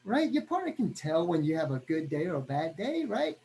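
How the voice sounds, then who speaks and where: A man's voice: on the high side, brisk, creaky, a little hiss or hum. Upbeat guy giving a pep talk on a video call, keeps asking "right?". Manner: energetic, punctuates every point with "right?". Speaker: motivational business trainer.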